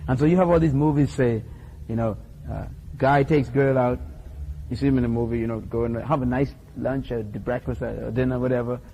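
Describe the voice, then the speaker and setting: A middle-aged man preaching a sermon in a lively, humorous way, acting out little scenes as he teaches. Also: medium pitch, dull audio, slight background noise.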